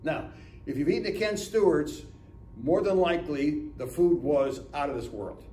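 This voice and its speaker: Expressive and warm, his voice sits on the high side at normal speed as this seventy-something man from Northeast Ohio gives a chatty, story-driven business lunch talk as a guest speaker, acting out dialogue and often asking "right?". The distant mic picks up an echoey room and a little hiss or hum.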